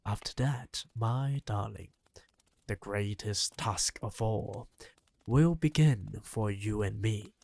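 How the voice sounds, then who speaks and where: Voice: medium pitch, slow, vocal fry, darkish tone, dry recording. A reader voicing a spirited, bossy old grandmother in an audiobook, talking impatiently and rousingly. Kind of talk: audiobook reading.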